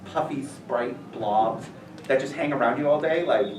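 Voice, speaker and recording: Visiting a school as an author, a man answers questions in a casual Q&A, rambling animatedly and using plenty of fillers. His mid-range voice is unhurried, and with an audience in the room, he's picked up from a distance in an echoey, noisy space.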